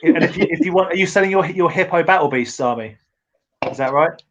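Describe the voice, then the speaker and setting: A man's voice: fairly high pitch, quick pace, dull audio, over a noisy crowd. A man chatting about toys, joking and repeating words as he talks. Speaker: toy stream co-host. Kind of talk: casual chat.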